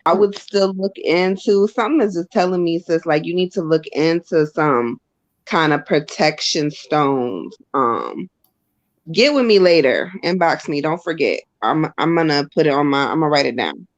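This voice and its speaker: A woman's voice: deep voice, animated, moderate pace, no room sound, highs cut off. A woman medium giving a live reading over a video call, casual and direct with the sitter. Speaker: psychic medium.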